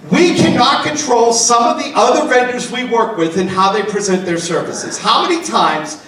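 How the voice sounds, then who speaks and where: A man's voice: extremely high pitch, expressive, normal speed, fairly bright tone. A man presenting a seminar for DJs, talking conversationally and prompting the audience for answers. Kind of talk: seminar talk. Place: seminar room. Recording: very echoey hall from far off, faint noise.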